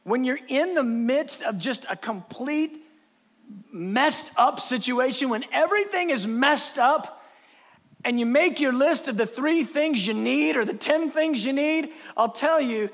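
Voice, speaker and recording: A male preacher delivers an impassioned sermon, moving from shouted lines to hushed, lowered speech. His voice sits high and has a gravelly edge. He speaks slowly and with weight. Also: expressive. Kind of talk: passionate sermon.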